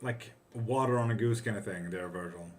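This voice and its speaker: A man's voice: lowish voice, a little fast, faint music behind. A man hosting a casual livestream tarot reading who reads viewers' questions aloud and answers them bluntly, swearing freely.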